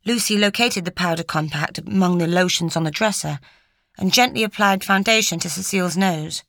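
A woman reading a story aloud in a measured, even storytelling manner. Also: lowish voice, gravelly, dry recording, studio quality. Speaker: narrator. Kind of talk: scripted narration.

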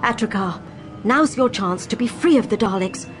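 A shrewd male adventurer, voiced by a woman, calm and firm, who steadies those around him. The voice sits fairly high, with music beneath. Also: moderate pace, close to an everyday voice. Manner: firm, reassuring.

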